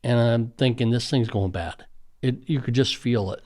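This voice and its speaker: A man's voice: medium pitch, moderate pace, darkish tone. A middle-aged man, a school safety official, earnestly reminiscing in conversational storytelling with frequent fillers.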